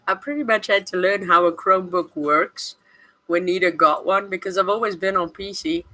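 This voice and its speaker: Bright-voiced easygoing woman co-host. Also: fairly low pitch, fairly even intonation, unhurried, low-quality recording. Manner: easygoing, reads and answers chat comments. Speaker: livestream co-host. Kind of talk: casual livestream chat.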